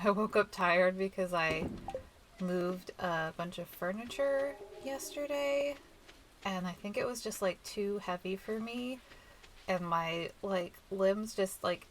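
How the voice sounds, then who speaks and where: A woman with a nasal, stuffed-up voice, chatting softly and rambling as she hosts a relaxed game playthrough. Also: medium pitch, vocal fry, slight background noise, low-quality recording. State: stuffy nose. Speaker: let's play host. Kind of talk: relaxed gameplay commentary.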